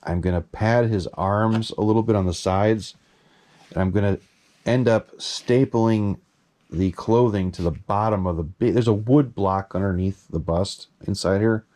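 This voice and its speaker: Excitable rambling man showing masks. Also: on the low side, measured pace. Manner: excited, rambling, swears casually. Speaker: mask collector and vlogger. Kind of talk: casual show-and-tell vlog.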